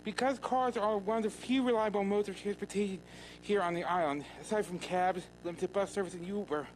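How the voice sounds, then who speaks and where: A citizen giving an earnest, plain public comment to a county legislature, a little halting at times. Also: medium pitch, a little hiss or hum, poor audio. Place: county legislature hearing room.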